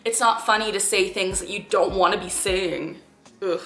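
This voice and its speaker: A woman's voice: medium pitch, moderate pace, fairly bright tone. A young woman giving earnest, frustrated reaction commentary with sighing groans. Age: young adult. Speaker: YouTuber reacting to a clip. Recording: echoey room with faint music.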